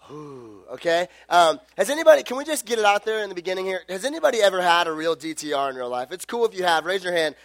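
A man's voice: sits high, sing-song, fast, few pauses, a bit bright, dry recording. A young man preaching in a casual, rambling storytelling way, full of fillers and self-corrections.

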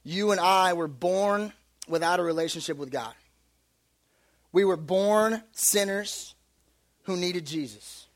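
Young pastor guy, kinda high voice, chatty and funny while he preaches. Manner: lively, conversational storytelling with humor. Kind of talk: sermon.

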